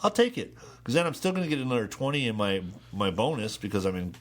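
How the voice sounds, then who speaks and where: Guy cohosting a gaming podcast, mid pitch, rambly, swears a lot, laughs easy. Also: sing-song, fast talker. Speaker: podcast co-host. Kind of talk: casual gaming chat.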